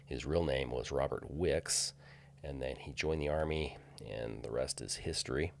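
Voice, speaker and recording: Man, very deep voice, gravelly, hesitant casual walkthrough, faint hum behind. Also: measured pace. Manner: hesitant, many fillers and restarts. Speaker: filming location researcher. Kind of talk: casual screen-share walkthrough.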